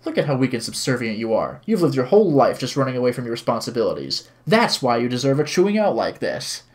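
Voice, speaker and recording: A man reading aloud as a stern, condescending older woman who scolds harshly and loudly. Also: mid-range voice, sing-song, fast talker, close to an everyday voice. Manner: loud, barking, demanding.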